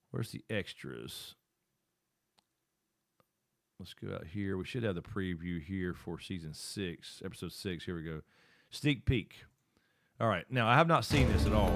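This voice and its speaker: A man's voice: fairly low pitch, no echo. A middle-aged man hosting a live stream. He chats casually and rambles, thinking aloud while he works his screen.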